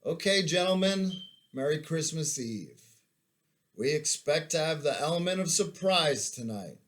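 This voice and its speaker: A man reading aloud and voicing a loud, commanding army sergeant major with a German accent. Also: animated. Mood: rallying. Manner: booming, rallying, drawn-out.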